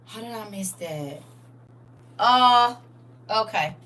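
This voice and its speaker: A woman hosting a live-streamed Bible study, preaching in a lively, playful way and answering viewers' comments. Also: medium pitch, measured pace, slightly rough.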